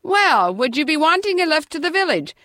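A woman voicing a friendly young male farmer who greets people brightly. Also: high voice, big pitch swings, a little fast, no echo, clean studio sound, voice pushed up.

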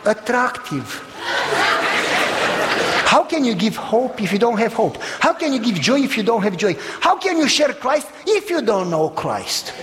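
A man preaching a sermon in an animated storytelling manner, exclaiming and acting out voices. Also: very high-pitched, measured pace, some chatter behind, a little hiss or hum. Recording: long reverb of a hall.

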